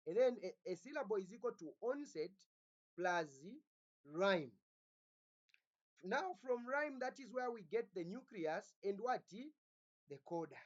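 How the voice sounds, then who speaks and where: A lecturer works through a lesson at an even, mid-range pitch. The voice keeps putting questions to the class and repeats and restarts words along the way. The recording sounds dull and lo-fi. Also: a little slow, long pauses. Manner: keeps asking the class "what?" and "Are we together?". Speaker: teacher.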